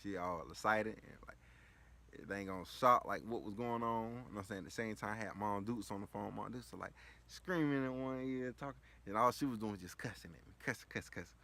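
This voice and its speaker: A man's voice: fairly low pitch, fairly quick, creaky, bright, forceful tone. A man casually telling a story, rambling and slangy, with lots of filler phrases. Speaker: vlogger.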